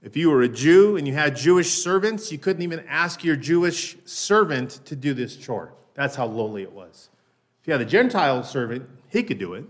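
A man with a slightly higher voice gives a sermon in a conversational tone. He often checks in with his listeners and slows down on key words. He grows louder and higher when he acts out the lines of the people in his story. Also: lively intonation. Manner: conversational preaching, often asks "right?", slows down for emphasis; raises his voice when acting out Peter's lines. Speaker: pastor.

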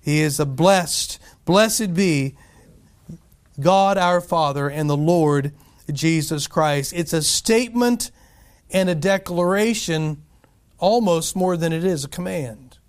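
Male pastor, high voice, emphatic sermon delivery with rhetorical questions and slow stressed scripture phrases. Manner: emphatic, asks and answers his own questions.

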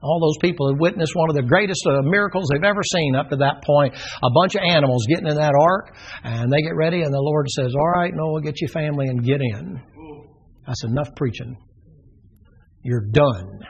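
A husky, somewhat high-voiced man with a drawl preaches with vivid, dramatic storytelling. The recording sounds dull and lo-fi. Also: fairly quick. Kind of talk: sermon.

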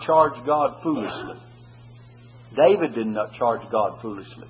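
A man preaching a sermon, reading scripture with rising emphasis and pausing often with "uh". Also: mid-range voice, animated, lo-fi sound, slight background noise. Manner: earnest preaching, rises on scripture quotes, frequent "uh" pauses.

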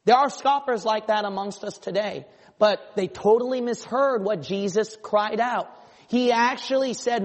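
Male pastor, impassioned sermon, high voice, long church reverb. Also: normal speed. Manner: impassioned preaching, voicing imagined listeners.

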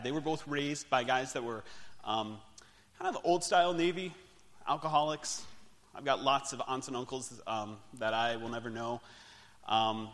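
A man's voice: a little high, a bit bright. A young man giving a candid, self-deprecating personal testimony. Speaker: speaker giving his testimony. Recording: long hall reverb.

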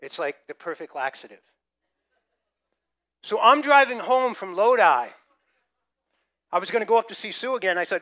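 A man's voice: high-pitched, expressive, moderate pace, long pauses, bright, forceful tone. A middle-aged male pastor preaching a sermon, telling jokes and acting out funny stories from his own life. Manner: storytelling with jokes and acted-out gasps.

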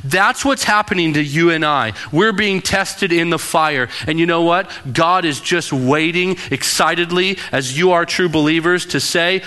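A man in his thirties preaches with a bright, forceful voice that sits a little high for a man. He tells personal stories earnestly and sinks into a hushed, intimate tone to drive a point home. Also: normal speed, few pauses, smooth. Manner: earnest storytelling, dropping to a hushed tone for emphasis. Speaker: pastor. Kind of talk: sermon.

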